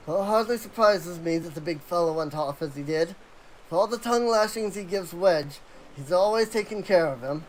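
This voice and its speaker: A game player voicing an older, kindly male chief engineer with measured, formal delivery, reading game dialogue aloud. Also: mid-range voice, slight background noise, natural voice, rough recording.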